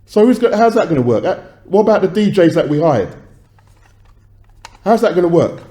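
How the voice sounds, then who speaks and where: An actor playing an agitated record label boss, arguing on the phone and swearing. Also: male voice, high-pitched, very animated, normal speed, warm tone, echoey room. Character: angry male London record boss on phone. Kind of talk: dramatized film phone calls.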